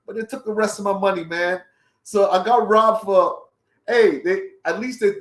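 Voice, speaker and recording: Profane, animated man telling a story. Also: sits high, moderate pace. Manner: profane, animated retelling with voiced reactions. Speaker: travel vlogger. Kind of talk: casual storytelling. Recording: roomy echo.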